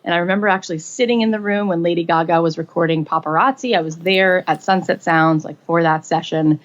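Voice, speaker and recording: A woman in her forties telling her own story in a casual interview, acting out quotes with lively jumps in pitch. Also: quick pace, highs cut off. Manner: animated, acts out quotes with rising pitch. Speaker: guest.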